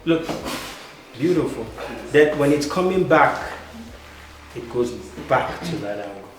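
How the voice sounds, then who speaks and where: A man's voice: medium pitch, lively intonation, a little slow, crowd noise. A man coaching acting students through stage combat drills, counting out moves and calling cues in a commanding way. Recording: echoey room with background noise.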